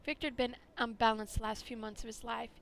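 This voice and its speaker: A woman's voice: fairly high pitch, little pitch movement, quick pace, creaky, slight background noise. Woman reading as a prim grieving widow. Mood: mournful. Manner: formal, prim. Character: proper grieving widow, stern and unsuperstitious.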